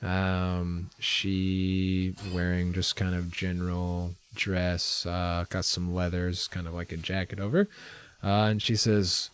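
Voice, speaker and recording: A man's voice: deep voice, monotone, takes it slowly, a little hiss or hum. A young man narrating as game master in a casual, hesitant way with many fillers.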